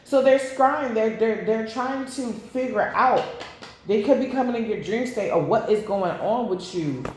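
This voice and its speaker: A woman's voice: a little high, unhurried, a little mellow, a little hiss or hum. Blunt woman tarot reader, very echoey room. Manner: blunt, profane, rambling asides. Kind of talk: casual tarot reading to camera.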